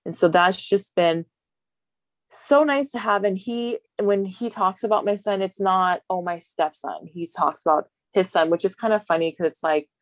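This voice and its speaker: A woman's voice: medium pitch, normal speed, no room sound. A woman from Hawaii, a bodybuilding competitor, chatting as an interview guest, rambling and laughing, tired. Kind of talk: casual interview talk.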